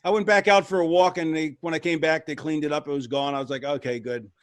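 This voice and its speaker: A man's voice: fairly high pitch, quick pace, no echo. A man guest telling stories in a rambling, casual way, with many restarts. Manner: rambling, restarts, lively retelling with voices. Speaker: retired wrestler guest. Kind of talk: casual storytelling.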